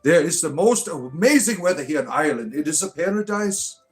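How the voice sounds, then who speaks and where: A man's voice: fairly high pitch, expressive, faint music behind. Older man, rambling mock-guru banter. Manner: rambling, halting, chuckling irreverence. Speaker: comedic spiritual character responding to comments. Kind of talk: deadpan mock-guru comment replies. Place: Ireland.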